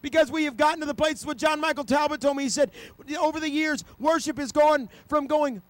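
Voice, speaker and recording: A man preaching an impassioned sermon, swinging from quiet storytelling to shouted, excited passages. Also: very high voice, fairly quick, no echo.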